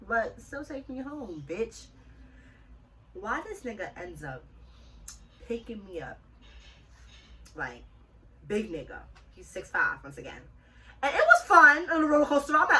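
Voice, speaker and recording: A young woman from New City, telling a story in a casual, animated and profane way. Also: a little high, moderate pace, pauses often, far from the mic, a little hiss or hum. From New York City. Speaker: storytime vlogger.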